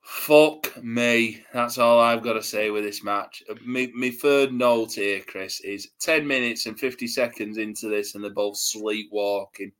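A man's voice: fairly low pitch, steady tone, unhurried, hardly any pauses, fairly bright tone, smooth. A man co-hosting a wrestling podcast, joking and chatty, who laughs at his own asides. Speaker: podcast co-host. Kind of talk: casual wrestling review chat.

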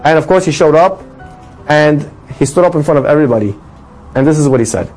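A man telling a religious story with a moral in an animated sermon style, his voice rising for the dramatic lines. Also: a little high, quick pace, soft background music, poor audio. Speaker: storyteller teaching a religious lesson.

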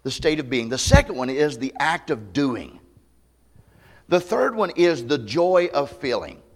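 Male pastor, high voice, emphatic sermon delivery with questions to the congregation. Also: big pitch swings, measured pace. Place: church campmeeting service.

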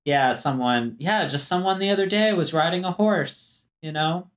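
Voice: mid-range voice, moderate pace. Meandering, chatty podcast co-host. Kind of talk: casual chat.

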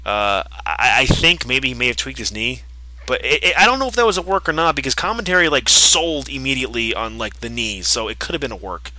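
Bright-voiced man on a podcast. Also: medium pitch, lively intonation, poor audio. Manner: enthusiastic, rambling, with fillers and quick recaps. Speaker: podcast co-host. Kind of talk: casual podcast chat.

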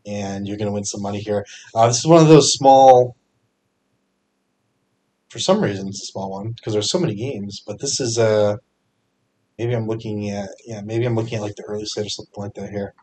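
A young man hosting a fantasy sports podcast, talking casually with energetic bursts and frequent fillers. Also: fairly low pitch, fairly quick. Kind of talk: casual solo podcast picks.

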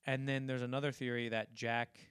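Male podcast co-host, middle pitch, dry close sound, rambling scene-by-scene recaps. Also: little pitch movement, a bit bright, clear, resonant tone, no room sound. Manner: rambling, acts out film lines in quick impressions. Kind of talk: casual film discussion.

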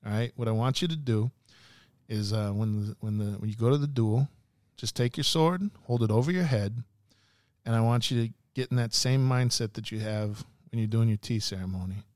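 A man's voice: medium pitch, normal speed, darkish tone, no room sound, studio quality, lightly acted. A man retelling a story, voicing a blunt sword teacher giving advice before a duel. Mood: urging. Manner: blunt, profane.

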